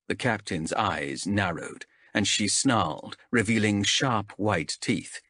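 Expressive male audiobook narrator, dry sound. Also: on the low side, no echo. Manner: expressive, measured storytelling. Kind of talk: scripted fantasy audiobook narration.

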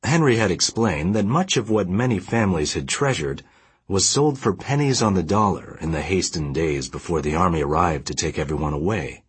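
Deep husky guy reading an audiobook, calm and measured, super dry sound. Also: no echo. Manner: steady, measured storytelling. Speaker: audiobook narrator. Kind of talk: scripted narration.

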